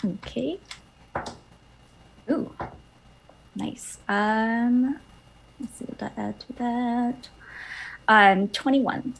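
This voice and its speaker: A woman's voice: fairly high pitch, extremely slow, vocal fry, long pauses, a little hiss or hum. A woman playing a tabletop game, talking in a thoughtful, tentative way. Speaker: player. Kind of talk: casual tabletop play.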